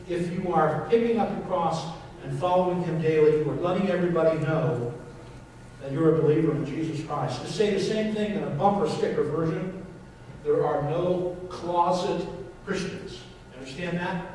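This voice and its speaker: High-voiced pastor preaching in an echoey church. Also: male voice, moderate pace, a little mellow, a little hiss or hum. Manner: emphatic preaching, repeating phrases, asking the congregation questions. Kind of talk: sermon. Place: church sanctuary. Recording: echoey church hall, mic from a distance.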